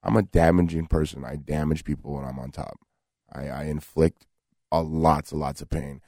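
Brash, boastful fighter type, a man with a very deep voice, dry close studio mic. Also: fairly even intonation, vocal fry, mellow, no echo. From United States. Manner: brash, boastful, halting with fillers. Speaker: fighter guest. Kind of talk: radio interview. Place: radio studio.

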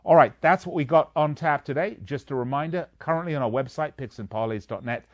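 A man's voice: a little high, a little fast, no echo. A man hosting a live sports betting radio show, with playful, theatrical patter and sing-song asides.

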